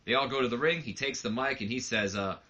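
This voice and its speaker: Bright-voiced man rambling through game commentary. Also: mid-range voice, quick pace. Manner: rambling, self-deprecating, lots of fillers. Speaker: let's play host.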